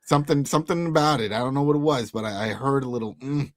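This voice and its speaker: A man co-hosting a casual TV recap, speaking in a relaxed, conversational way as he speculates about the episode. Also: mid-range voice, fast, dry recording, clean studio sound. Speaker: podcast co-host.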